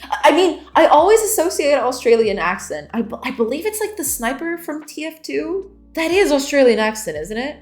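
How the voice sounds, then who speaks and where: A woman streamer chats with her viewers and giggles often, her pitch bouncing up and down. She reads chat aloud as she goes. The sound carries a roomy echo, with soft music playing underneath. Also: big pitch swings, moderate pace. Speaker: game developer streamer. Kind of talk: casual livestream chat with viewers.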